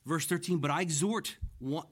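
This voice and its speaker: A man in his forties preaching an expository sermon, emphatic, shifting between loud exhortation and hushed asides. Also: on the high side, normal speed. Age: 40s. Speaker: pastor.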